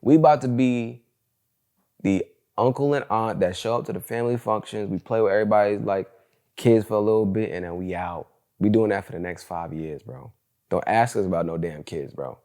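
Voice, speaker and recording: Brisk and mellow, with a fairly low pitch, the young man behind this solo podcast spins casual, slangy stories. He's frank and relaxed, and "bro" and "like" pop up everywhere in his talk.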